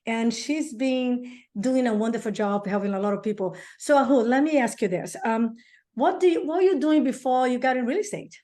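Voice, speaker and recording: A woman's voice: fairly high pitch, fairly quick, dark tone. A woman real estate coach hosting an interview, effusive and emphatic, telling stories about her client. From outside the US.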